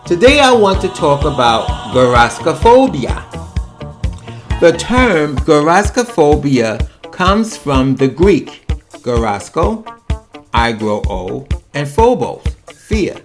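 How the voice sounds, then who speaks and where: A male podcast host talks slowly and wryly, his pitch rising and falling with plenty of life. He wanders off on tangents and then reins himself back in, with faint music under him. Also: big pitch swings. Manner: chatty, wry, digressive. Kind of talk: monologue about personal fears.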